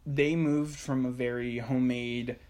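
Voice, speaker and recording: A young man, co-hosting a casual chat podcast from his room at home, telling an animated story full of swearing and acted-out quotes. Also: mid-range voice, measured pace. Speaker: podcast co-host.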